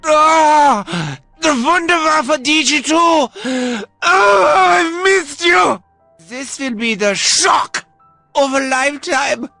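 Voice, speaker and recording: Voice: high voice, expressive, very slow, gravelly, pushed and bright, soft background music, heavily acted. An actor playing a gloating male mad scientist in a video game, theatrical and relishing every word.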